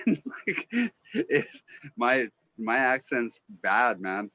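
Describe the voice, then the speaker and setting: Bright-voiced man with a Minnesota-style accent. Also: mid-range voice, takes it slowly, dry recording, lo-fi sound. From Northwestern Ontario, Canada. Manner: chatty, animated storyteller, swears casually. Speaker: podcast guest. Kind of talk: casual chat.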